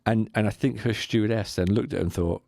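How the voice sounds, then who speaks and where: Gravelly low-voiced man telling a story. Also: fast talker, no room sound, studio quality. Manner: animated anecdote with mimicked voices and laughs. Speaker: podcast co-host. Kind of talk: casual storytelling chat.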